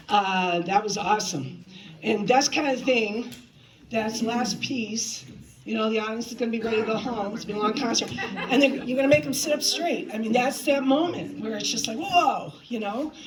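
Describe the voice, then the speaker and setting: A woman with a fairly high voice directs a community choir rehearsal at a moderate pace, chatty as she counts beats and sings phrases to demonstrate them. The rough recording comes from a rehearsal hall with the choir present, with crowd noise audible.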